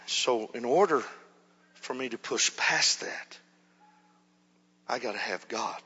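A male pastor telling stories in a sermon, dropping to a hush and then rising loud and animated. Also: medium pitch, slow pace, long pauses, husky. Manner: animated storytelling, swings from hushed to loud. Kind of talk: storytelling sermon. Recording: muffled hall reverb.

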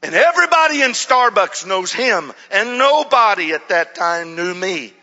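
A man preaching a sermon as a pastor, telling a story in an animated way, acting out quotes with shouts and whispers. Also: sits high, moderate pace. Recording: dull recording in a hall with long reverb.

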